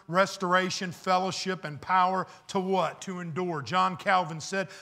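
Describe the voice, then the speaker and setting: A male pastor preaches with a high, ringing voice that sits well above most men's. He drives his points home with emphatic rhetorical questions to the congregation and slips in wry, teasing asides. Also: pushed and bright. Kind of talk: sermon.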